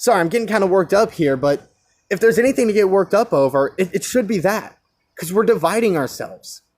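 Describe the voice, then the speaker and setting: A man's voice: high voice, expressive, brisk. A young man ranting alone about division and free speech, impassioned, firing rhetorical questions and restarting his phrases. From United States. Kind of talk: solo rant.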